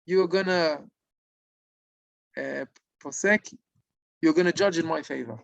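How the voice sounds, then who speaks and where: A man voicing the crying spirit of a dead man who pleads desperately in a high, tearful voice. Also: measured pace, vocal fry, no echo, muffled recording. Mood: desperate pleading.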